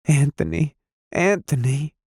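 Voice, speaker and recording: A man's voice: high-pitched, moderate pace, vocal fry, mellow, dry recording, clean studio sound, pitched above the performer's own voice. A man reading an audiobook, voicing a tearful young woman who pleads and begs her lover. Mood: crying out. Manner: imploring, tearful.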